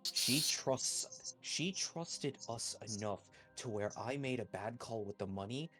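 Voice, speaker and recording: A man playing a tabletop role-playing game, arguing in character in a blunt, profane and forceful way. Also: mid-range voice, expressive, takes it slowly, soft background music.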